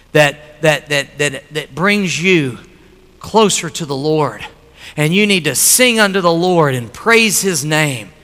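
A man preaching a sermon, telling stories and building to loud, emphatic passages. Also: a little high, long reverb tail.

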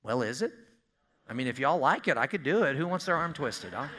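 A man preaching a sermon in a folksy, animated way, asking his congregation questions. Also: medium pitch, brisk. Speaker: pastor.

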